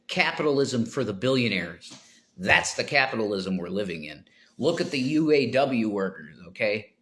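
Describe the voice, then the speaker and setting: A male streamer holds forth to his chat in an agitated, profane rant. His voice sits at a middling pitch but climbs sharply when he gets heated. He talks straight into a desk mic. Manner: worked-up, swearing, rising to near shouts. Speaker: live streamer. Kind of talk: ranting live stream chat.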